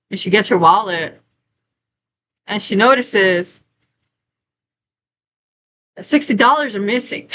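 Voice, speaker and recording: A young woman vlogger tells a story in a heated, profane rant and circles back over the same phrases as she works herself up. Her voice sits a little high and rings bright and sharp. There is a faint hum of room ambience behind her. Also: rough recording. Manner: heated, profane, repetitive ranting.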